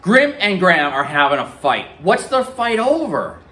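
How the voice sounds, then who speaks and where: Male teacher, reading aloud to a class, animated, bright tone. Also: sits high, normal speed, slight background noise. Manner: lively, questioning students.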